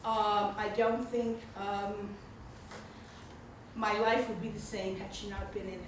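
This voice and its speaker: A woman's voice: mid-range voice, flat delivery, a little slow. A woman of older age giving a chatty, laughing introduction at a book reception. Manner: warm, chatty, laughs often. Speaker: speaker introducing the author. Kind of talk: casual spoken introduction at a book event. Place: indoor reception room. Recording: echoey room, mic far off, noisy.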